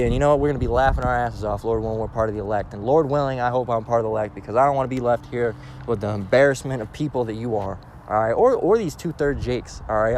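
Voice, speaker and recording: A man's voice: mid-range voice, noisy background. A man giving an informal scripture lesson, emphatic and blunt, often checking in with "all right?" and swearing freely. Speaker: religious teacher.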